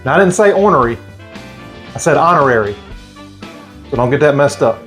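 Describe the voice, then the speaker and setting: A man's voice: on the high side, animated, rapid-fire, faint music behind. A middle-aged man with a Southern American accent, demonstrating a recipe as the host of a cooking channel in a folksy, chatty way.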